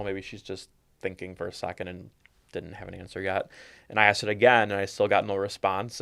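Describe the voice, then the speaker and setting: A man, an optometrist, calmly recounting a school clinic story on a podcast. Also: lowish voice, clean tone. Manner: measured, reflective storytelling with brief listening replies. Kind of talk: podcast conversation.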